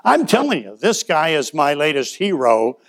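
A man's voice: on the high side, very animated, normal speed, creaky. A folksy man preaching a sermon. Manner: folksy storytelling with acted-out dialogue and shifts in loudness. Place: church.

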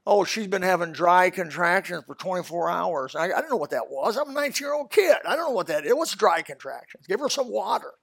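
Older guy preaching, kinda high voice, tells stories, gets loud then goes real quiet. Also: very animated, a little fast, creaky, hardly any pauses, slightly rough. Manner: storytelling with loud bursts and sudden soft asides. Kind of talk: sermon.

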